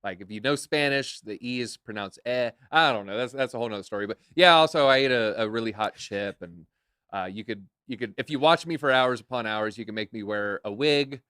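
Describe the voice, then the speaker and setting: A man's voice: medium pitch, brisk, fairly bright tone, smooth, no room sound, clean studio sound. A man co-hosting a crypto live stream, chatting casually with jokes and self-deprecating asides. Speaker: crypto show co-host.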